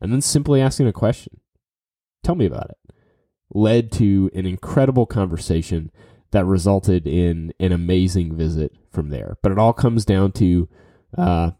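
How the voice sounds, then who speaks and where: A man's voice: low-pitched, warm tone, dry recording, clean studio sound. A man telling a casual story full of fillers and restarts, giving tips to business listeners. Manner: rambling, with many fillers and restarts.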